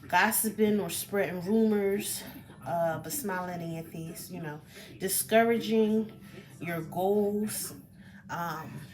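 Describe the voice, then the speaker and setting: A woman talking casually to camera as a personal development coach, chatty and expressive, with many fillers. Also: on the low side. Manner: chatty and expressive, with fillers, acts out quoted remarks.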